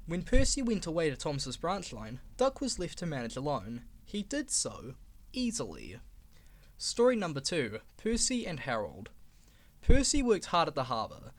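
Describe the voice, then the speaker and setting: A man reading a children's storybook aloud in a lively, expressive way. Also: on the high side, moderate pace. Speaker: reader.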